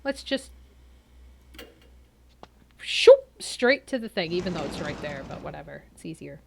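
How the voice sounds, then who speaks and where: Excitable, foul-mouthed woman streamer. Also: low-pitched, a little slow, vocal fry, slight background noise. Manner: excitable and swears freely. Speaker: gaming streamer. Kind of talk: casual game commentary.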